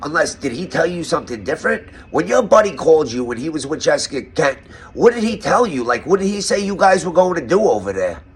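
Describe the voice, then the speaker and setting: A man's voice: on the high side, sing-song, fast talker, slight background noise. A man with a New York accent hosting a mock interview roast, asking questions in a sarcastic, mock-serious way. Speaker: roast host.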